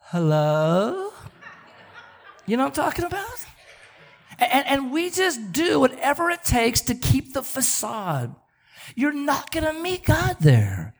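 A male pastor preaching a sermon, telling stories with an animated manner and often repeating words. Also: extremely high pitch.

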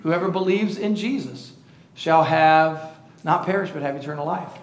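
A male pastor with a fairly high voice preaches at a moderate pace in church, quizzing the congregation and making playful jokes at his own expense. The low-quality recording has an echoey room sound.

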